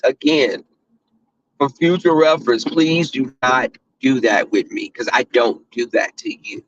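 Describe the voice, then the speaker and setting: A man's voice: fairly high pitch, no room sound, lo-fi sound. Blunt Southern man with a drawl. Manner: blunt, profane, with filler-heavy restarts. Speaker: online talk host. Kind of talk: casual monologue to viewers.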